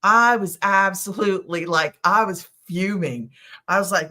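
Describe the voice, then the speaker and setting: A woman's voice: mid-range voice, measured pace, bright, forceful tone. A middle-aged woman hosting a casual live stream, telling a story in a rambling, chatty way full of asides. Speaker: online business host.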